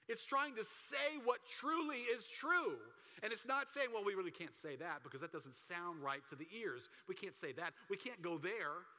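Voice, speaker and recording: A man preaching a sermon as a pastor, conversational and emphatic, building to forceful peaks. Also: high voice. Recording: long reverb of a large hall.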